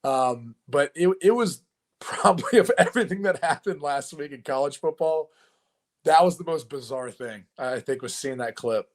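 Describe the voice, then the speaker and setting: A man co-hosting a casual sports podcast, telling animated stories full of filler words. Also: fairly high pitch, moderate pace. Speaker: podcast co-host.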